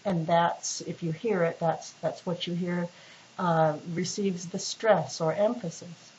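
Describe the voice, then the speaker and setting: A woman's voice: fairly low pitch, steady tone, measured pace, a little mellow. Woman teacher on a dull, hissy recording. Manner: casual, patient, with frequent fillers and restarts. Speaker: literature instructor. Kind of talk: recorded online lecture. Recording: dull lo-fi recording with faint hiss.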